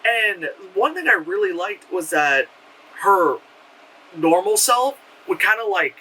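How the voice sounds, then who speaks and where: A man with a high, very bright voice talks through a movie in an animated, rambling way, stacking up "like" and swearing freely. He sounds a little far from the mic, with a faint hiss behind him. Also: takes it slowly, husky. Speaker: movie reviewer. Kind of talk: casual spoken film review.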